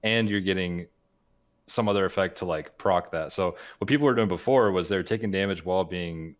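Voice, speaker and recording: A man co-hosting a casual gaming podcast, explaining game mechanics in a halting, thinking-aloud way. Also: deep voice. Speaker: podcast co-host.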